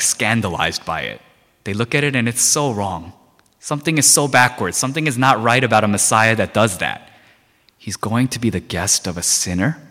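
A man's voice: fairly low pitch, fairly bright tone. A man preaching a sermon as a pastor, emphatic and repetitive, with many rhetorical questions. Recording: long reverb of a large hall.

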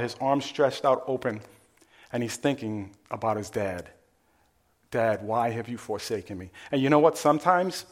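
Pastor guy giving a sermon, chatty, keeps asking the room questions, mid-range voice. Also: mid-range voice. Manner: conversational preaching, asks the congregation questions. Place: church.

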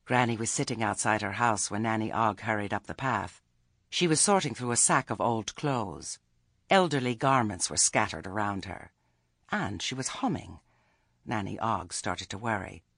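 A man reads a story aloud in a wry, measured way. His voice is low, gravelly and slightly husky, with lots of movement in pitch. The sound is close and dry. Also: expressive, fairly bright tone, dry recording. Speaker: audiobook narrator. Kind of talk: scripted narration.

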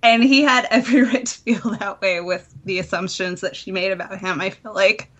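A woman's voice: medium pitch, steady tone, moderate pace, fairly bright tone, lo-fi sound. A woman on a podcast panel, firm and opinionated in a casual chat.

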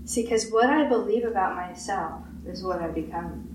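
A woman pastor giving a sermon, with emphatic repetition and quick acted-out quotes. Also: medium pitch. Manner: repetitive emphatic preaching, acts out quoted voices. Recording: roomy echo, distant mic, faint hiss.

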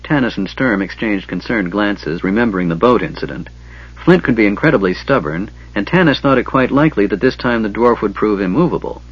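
A man reading a fantasy novel aloud in steady, scripted narration. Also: lowish voice, brisk, breathy edge. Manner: steady, even storytelling. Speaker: audiobook narrator. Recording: dull lo-fi recording.

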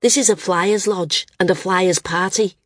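A woman's voice: lowish voice, fairly even intonation, measured pace, no echo. A woman voicing a curt, sneering male flyer who speaks sharply.

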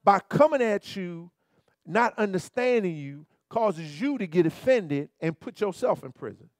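A man pastor preaching a sermon in an animated, colloquial way, turning often to his listeners with repeated asides. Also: high-pitched, unhurried, no echo, studio quality.

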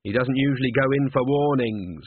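A man's voice: mid-range voice, moderate pace, husky, no room sound, natural voice. A man doing a soothing young organist. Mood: explaining. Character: soft-spoken reassuring young male organist. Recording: tinny narrow phone-like sound.

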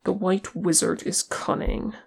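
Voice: mid-range voice, fairly even intonation, measured pace, vocal fry, breathy edge, heavily acted. A reader voicing a proud, suspicious male horse-lord captain with a guarded, bitter manner in an audiobook. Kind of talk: audiobook character reading.

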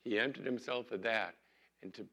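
An older man, a pastor, preaching an earnest sermon and slowing down to read scripture aloud. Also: fairly low pitch, creaky, bright, forceful tone.

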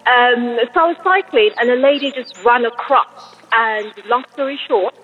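A woman tells a story in a chatty way, filling her pauses with lots of ums. Her voice sounds dull and lo-fi. Faint music plays behind her. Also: a little high. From England. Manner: chatty storytelling with many fillers. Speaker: caller. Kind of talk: recorded voicemail to a podcast.

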